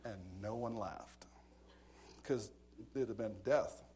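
A man's voice: lowish voice, takes it slowly, noisy background. A man preaching a sermon, telling stories with dramatic asides and bursts of laughter. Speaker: pastor. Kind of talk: storytelling sermon.

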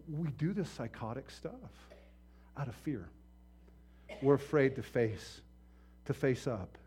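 A man preaching a sermon as pastor, impassioned and swinging from hushed to loud, acting out voices in his stories. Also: mid-range voice, expressive, slow, long pauses, a little hiss or hum.

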